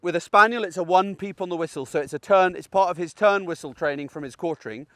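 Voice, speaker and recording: Out on a dog walk in a field, a middle-aged dog trainer explains recall training in an outdoor tutorial, chatty and explanatory, checking in with "okay?". His voice sits high and is fast and a bit bright, on a dry, studio-quality recording.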